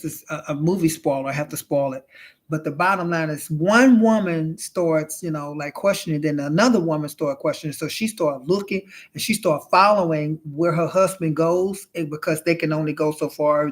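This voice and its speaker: A flamboyant man with a higher-than-usual voice for a man recounts a film in a loose, chatty monologue. He rambles, restarts, swears freely and keeps calling his listener honey and child.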